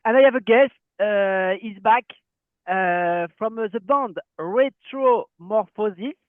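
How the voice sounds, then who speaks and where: A French-accented man hosts an interview, his voice high and set close and dry. He hesitates often, restarting his sentences with fillers. The sound is thin and narrow, like a phone call. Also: takes it slowly, dry recording. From France. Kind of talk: casual interview. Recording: tinny phone-like call line.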